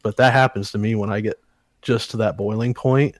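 Podcast co-host, male, lowish voice, dry close sound, swears freely while recounting a story. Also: fairly even intonation, brisk, no echo. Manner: profane, heated retelling. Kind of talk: casual storytelling chat.

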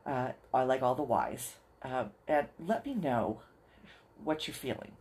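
A podcast host talking straight to listeners in an earnest, encouraging way, slowing down to spell things out. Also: mid-range voice, expressive, a little mellow. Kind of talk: solo podcast talk to listeners.

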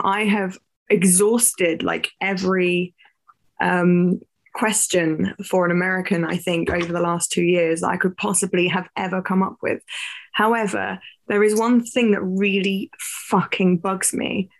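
A woman's voice: on the low side, little pitch movement, a little slow, creaky. A young English woman in casual podcast chat as a guest actress, chatty with frequent laughs and fillers.

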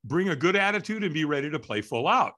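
A middle-aged man telling a story as an interview guest, lively and acting out the voices of people in it. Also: fairly high pitch, fast talker. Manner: animated, acts out voices in his story. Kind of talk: storytelling in conversation.

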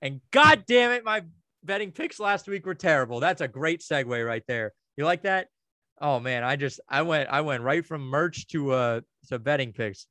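A podcast co-host trades casual banter in a bright, forceful, medium-pitched voice at a moderate pace, with no echo. He rants and jokes crudely, swearing a lot.

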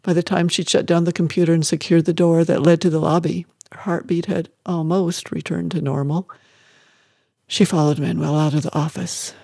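Warm-voiced woman reading a novel. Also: low-pitched, moderate pace, creaky, no echo, studio quality. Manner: steady narration with voiced dialogue. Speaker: reader. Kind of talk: reading fiction aloud.

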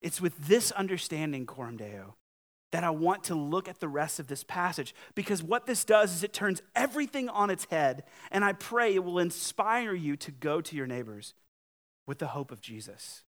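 Delivering a sermon at normal speed, this male pastor sounds very animated, his voice on the higher side. He talks to the congregation conversationally yet emphatically, with loudness that rises and falls dramatically.

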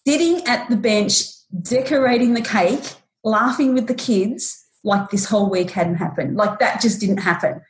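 A woman in her forties, a podcast guest, retelling a painful personal story in a halting, emotional way with many restarts, raising her voice when she acts out what people said. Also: on the high side. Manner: acts out quoted lines in a raised voice.

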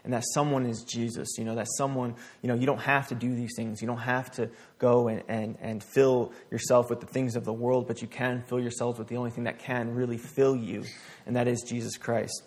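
A young man preaching a casual sermon, reading scripture aloud and explaining it in a conversational, halting way with many restarts. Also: medium pitch, flat delivery, a little mellow.

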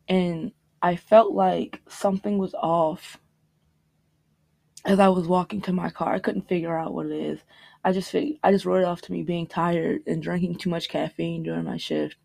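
A young woman on a podcast telling a personal story about grief, halting and reflective, with pauses and restarts. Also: on the low side, gravelly, darkish tone. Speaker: podcast guest.

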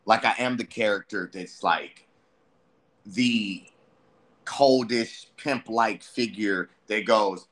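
A man's voice: lowish voice, slow, fairly bright tone. A man in casual conversation, telling stories with lots of energy and acting out the voices of himself and his friends. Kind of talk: casual storytelling chat.

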